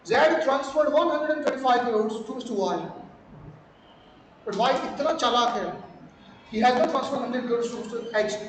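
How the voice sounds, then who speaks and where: A man's voice: very high voice, expressive, a little fast, pauses often, background noise. A man with an Indian accent lecturing on law, slipping into Hindi phrases and quizzing his students again and again. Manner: mixes Hindi phrases, keeps quizzing the class. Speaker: law teacher. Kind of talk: classroom lecture. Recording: echoey hall with a class around him.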